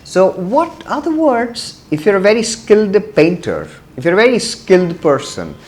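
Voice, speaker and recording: A man's voice: sits high, very animated, normal speed, darkish tone. A man giving a test-prep vocabulary lesson, often switching into Hindi and repeating key words for emphasis. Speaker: vocabulary teacher.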